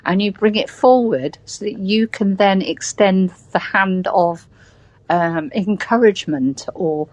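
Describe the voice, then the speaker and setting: A woman's voice: medium pitch, unhurried, a little mellow, no room sound, poor audio. A British woman with a West Country accent, a guest in a conversational interview, speaking earnestly and repeating points for stress. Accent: West Country English. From Britain.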